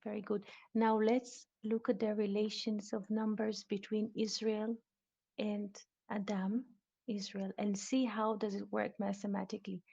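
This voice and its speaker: Slow, mellow woman teaching Hebrew. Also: mid-range voice, level tone, gravelly, husky. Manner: slow, deliberate, questioning students. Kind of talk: live online Bible lesson. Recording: dull lo-fi online audio room.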